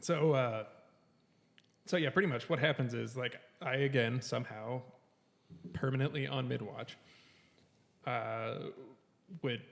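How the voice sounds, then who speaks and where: A man's voice: mid-range voice, steady tone, unhurried, creaky, long pauses, long reverb tail. A man telling a long story on a casual podcast, swearing often, laughing between lines and acting out what others said. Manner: profane, laughing, quotes people animatedly.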